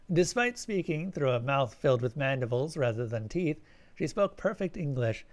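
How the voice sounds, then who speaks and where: A man reading a science-fiction story aloud on a live stream, catching his slips and correcting himself as he goes. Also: mid-range voice. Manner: reads with slips and self-corrections.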